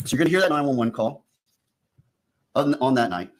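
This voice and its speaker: A man's voice: medium pitch, sing-song, brisk, noisy background. A man, a prosecutor, giving an opening statement in a courtroom, speaking straight to the jury and walking them step by step through what they will see and hear. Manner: addresses the jury directly, repeating "you're gonna".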